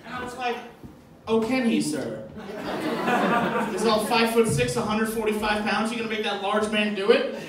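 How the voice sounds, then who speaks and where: A man's voice: high voice, level tone, quick pace, background noise. Man doing stand-up in an echoey club. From Boston, US. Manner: rambling, filler-heavy storytelling. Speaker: stand-up comedian. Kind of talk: stand-up comedy set. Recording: echoey club mic from far off. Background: audience laughter.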